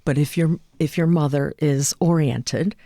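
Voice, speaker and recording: A woman speaking as a guest in an interview, an animated storyteller who acts out quoted dialogue. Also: low-pitched, a little slow, no echo, studio quality. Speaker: hospice and palliative care advocate. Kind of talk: interview conversation.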